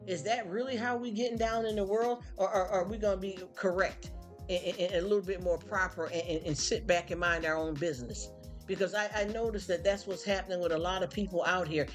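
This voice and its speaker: A woman's voice: medium pitch, fairly even intonation, a little fast, faint music behind. A woman hosting a live stream, venting bluntly to her chat and mocking people with put-on voices. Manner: blunt, fired-up, mocking impressions.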